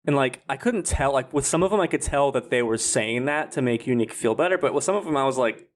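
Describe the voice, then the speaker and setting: A man's voice: medium pitch, animated, fast talker, few pauses. A man co-hosting a podcast in casual chat, rambling and snarky with lots of filler words. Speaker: podcast co-host.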